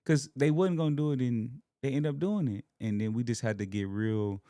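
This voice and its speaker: A young man from Alabama, guesting on a podcast, shares heartfelt and emotional thoughts on his faith and family in casual conversation. He speaks at normal speed in a warm mid-range voice with fairly even intonation, recorded at studio quality without room sound.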